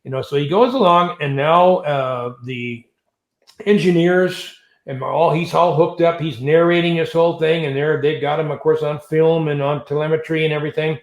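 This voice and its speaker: A man's voice: fairly high pitch, moderate pace. Older man telling stories in a roomy space. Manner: animated storyteller who acts out voices and sounds. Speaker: interview guest, retired navy pilot. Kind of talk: storytelling in an interview.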